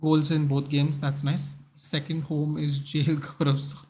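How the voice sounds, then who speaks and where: Young man, casual live-stream host, slightly high voice, chatty, reads out stats and answers chat. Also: level tone, measured pace, mellow.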